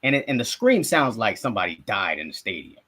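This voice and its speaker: A man's voice: lowish voice, big pitch swings, fairly quick, bright, forceful tone. A young man from South Florida, a sports podcast co-host and reporter, telling a story in casual sports talk. He acts out his own reactions and swears freely.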